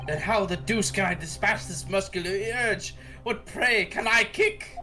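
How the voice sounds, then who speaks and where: A man voicing a pompous, eccentric British gentleman detective in a video game, with a grand, theatrical and drawn-out delivery. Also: sits high, music in the background, pitched above the performer's own voice. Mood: grandiose. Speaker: streamer voicing game dialogue.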